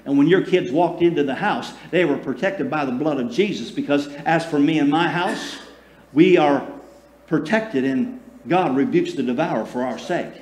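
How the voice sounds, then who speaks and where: A man preaches a sermon in a fairly high voice, in a roomy church that echoes. He calls out for answers from the congregation and shifts between booming emphasis and slow, hushed lines. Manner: preaching with calls for audience response; swings between loud emphasis and soft, slow passages. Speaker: pastor. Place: church sanctuary. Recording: echoey room.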